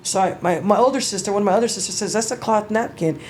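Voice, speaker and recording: A middle-aged woman, an interview guest, telling her story in a halting, emotional way, with restarts and casual swearing. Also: medium pitch, darkish tone, slight background noise. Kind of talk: personal storytelling.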